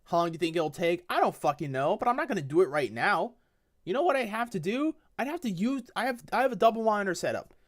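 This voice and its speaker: A woman's voice: mid-range voice, expressive, quick pace. A woman streaming a game live, talking bluntly to her chat and swearing heavily in frustration.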